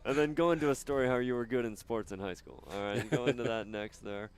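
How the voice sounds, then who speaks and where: A man's voice: mid-range voice, fairly even intonation, fast. A man doing casual, joking play-by-play commentary on a school soccer game. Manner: joking and teasing.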